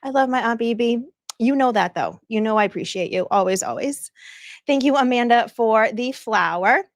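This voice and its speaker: A woman's voice: fairly high pitch, moderate pace, no room sound, studio quality. A woman hosting a casual livestream, bubbly and chatty, greeting viewers by name and laughing often. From northeastern United States. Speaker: livestream host.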